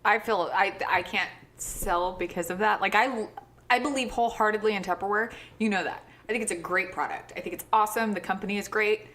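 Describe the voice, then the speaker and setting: A woman's voice: mid-range voice, fairly quick, fairly bright tone. Frank woman co-hosting a podcast. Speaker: podcast co-host. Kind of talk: casual podcast chat.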